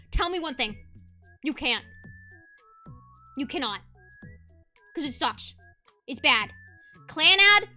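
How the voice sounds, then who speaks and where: A woman's voice: high-pitched, sharp tone. A young woman streaming as a VTuber, ranting passionately in casual commentary and laughing easily.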